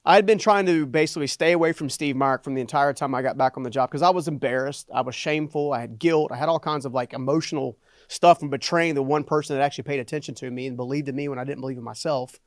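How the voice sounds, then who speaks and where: A middle-aged man, a guest on a podcast, telling a personal story in an animated way and often adding "right?" for emphasis. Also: mid-range voice, quick pace, hardly any pauses, dry recording, studio quality. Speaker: guest, entrepreneur and motivational speaker.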